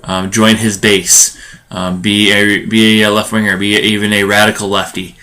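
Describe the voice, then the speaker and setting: A man's voice: fairly low pitch, little pitch movement, pushed and bright, a little hiss or hum. A man hosting his own podcast, giving a solo commentary monologue with lots of ums and restarts. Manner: halting, full of ums and restarts. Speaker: podcast host.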